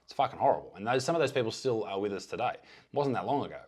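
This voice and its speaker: An Australian man gives casual reaction commentary on videos, sarcastic and deadpan with heavy swearing. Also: fairly low pitch, very fast.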